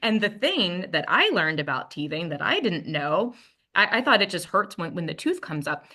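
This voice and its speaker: A woman's voice: on the low side, sing-song, moderate pace, pushed and bright. A woman presenting a training workshop, telling a personal story in a conversational way and acting out what she said to her baby.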